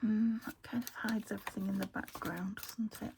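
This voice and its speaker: A British woman crafting at her table at home, thinking aloud and often dropping to a soft half-whisper as she narrates casually. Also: medium pitch, fairly even intonation, moderate pace, hardly any pauses, slight background noise. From United Kingdom. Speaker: craft vlogger. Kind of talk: casual flip-through narration while crafting.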